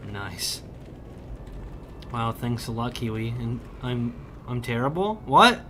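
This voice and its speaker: A young man livestreaming a game, bantering loudly and profanely with his chat and joking around. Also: medium pitch, animated, slow pace, a little hiss or hum. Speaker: streamer. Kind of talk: casual livestream chat while gaming.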